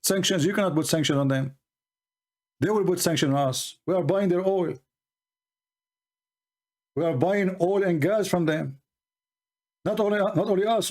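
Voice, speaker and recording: Arguing about religion and politics on a live call-in debate, this man speaks non-native English at normal speed with long pauses, his voice high and somewhat dark. His style is mocking and combative, heavy on rhetorical questions.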